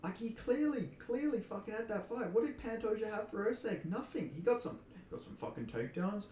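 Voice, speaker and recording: A man's voice: high-pitched, lively intonation, moderate pace, a little mellow, roomy sound, slight background noise. Angry, profane Australian man ranting. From Perth, Australia. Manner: heated, profane, indignant ranting. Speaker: MMA commentator. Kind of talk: angry fight reaction rant.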